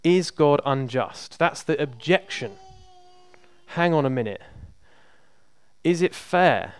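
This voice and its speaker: A man's voice: a little high, expressive, takes it slowly, clear, resonant tone, dry recording. A man preaching a sermon in a conversational, emphatic way, repeating words for emphasis.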